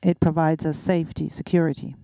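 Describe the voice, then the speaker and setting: A woman speaks on a panel in a flat, even voice. Her tone is smooth and warm. She talks steadily, pausing as she picks her words. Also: sits low. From Uruguay. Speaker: banking panelist. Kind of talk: panel discussion answer.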